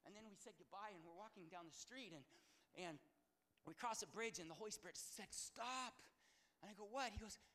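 A man preaching a sermon with personal stories, in a casual, slangy way, swinging from calm talk to shouting. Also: high voice, fairly quick.

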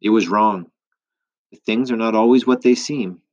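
A wise, gentle old woman speaks in a calm, measured storybook voice, as a man reads her lines. The tone sits fairly low, and the recording sounds a little dull and lo-fi. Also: natural voice.

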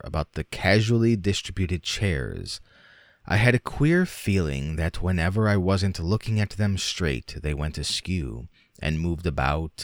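Deep-voiced man reading a story aloud. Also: dry recording, clean studio sound. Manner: expressive, lively storytelling with dramatic emphasis. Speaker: narrator. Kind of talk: audiobook reading of a classic short story.

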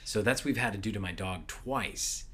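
A man's voice: lowish voice, moderate pace, breathy edge. Chatty male podcast co-host. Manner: storytelling, animated, laughs often. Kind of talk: casual chat.

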